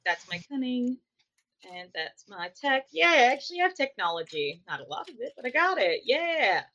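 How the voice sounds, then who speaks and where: A woman playing a tabletop game, talking in an excitable, chatty way. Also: high-pitched, normal speed, muffled recording. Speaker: player.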